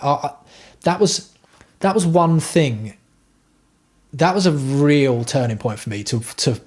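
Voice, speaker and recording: Male streamer, husky voice, rambling, swears a lot, casual chat. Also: medium pitch, measured pace. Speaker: livestream host.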